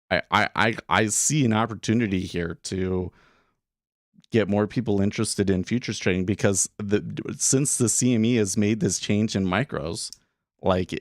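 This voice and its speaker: A man's voice: lowish voice, moderate pace, no room sound, studio quality. A man hosting a day trading livestream, talking casually and rambling with lots of fillers and restarts. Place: home studio room.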